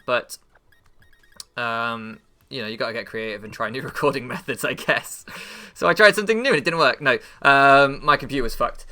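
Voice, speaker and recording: An English man chats casually and loosely, drifting from one thought to the next and tripping over repeated words. His voice sounds bright and forward, with a gravelly crackle of fry. He swears freely as he goes. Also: mid-range voice. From England. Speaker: channel host and league player. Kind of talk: casual rambling chat before a match.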